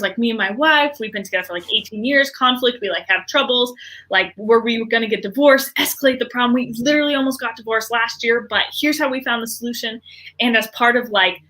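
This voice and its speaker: A woman guest in an interview, talking with lots of fillers and acting out other people's reactions in quick quoted voices. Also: a little high. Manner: animated, many fillers, acts out quoted reactions. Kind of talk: enthusiastic interview talk.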